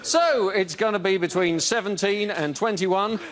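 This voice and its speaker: A man's voice: sits high, a little slow. A man on a comedy panel show giving dry, mock-newsreader one-liners. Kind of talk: quick-fire stand-up gags. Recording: heavy background noise.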